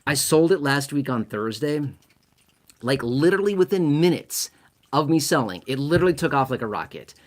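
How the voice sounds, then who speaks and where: A man's voice: on the high side, expressive, normal speed. A man giving casual money commentary to camera, emphatic and self-mocking, stacking up repeated words for stress. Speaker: finance commentator.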